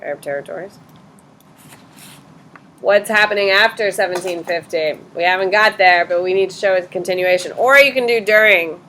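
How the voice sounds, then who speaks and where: A woman teaching a class with a bright, forceful voice. She fires quick questions at her students and cuts off weak answers bluntly, with a faint hiss behind her. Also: on the low side. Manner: brisk, quizzing students, blunt corrections.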